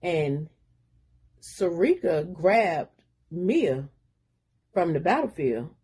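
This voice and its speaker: Husky woman casually recapping a book. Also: on the low side, very animated, extremely slow, dark tone. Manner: rambling retelling with slangy asides. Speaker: book reviewer.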